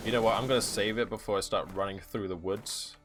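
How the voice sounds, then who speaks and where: A man's voice: fairly low pitch, steady tone, fast, music in the background. A man streaming a video game, joking and teasing through playful commentary. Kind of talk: gameplay commentary.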